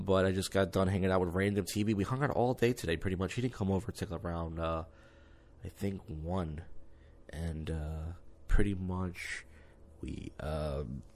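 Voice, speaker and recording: A deep-voiced man wraps up his trip in a casual vlog, talking loosely and stopping often to restart his thoughts. He sounds relaxed and unscripted. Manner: loose, halting, filler-heavy. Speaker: vlogger. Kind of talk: casual travel recap.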